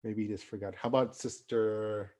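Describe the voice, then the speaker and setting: A man teaching an online youth class over a video call, lively and asking his students questions as he acts out quotes. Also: on the low side. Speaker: Islamic teacher.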